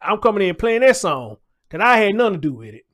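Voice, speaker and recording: A man's voice: high-pitched, big pitch swings, fast, fairly bright tone. A man hosting a livestream, talking loosely in casual commentary, repeating his points and greeting viewers in the chat.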